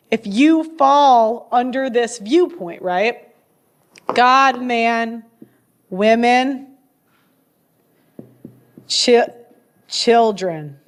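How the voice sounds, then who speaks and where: She's a young adult woman running her own show, and her high voice carries casual, blunt opinions. Laughter breaks in often, and she keeps restarting sentences.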